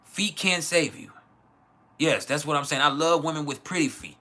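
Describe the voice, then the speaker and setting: A man's voice: a little high, normal speed, pushed and bright. A man from West Texas, hosting a casual livestream and giving blunt, profane opinions while answering chat. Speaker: livestream host.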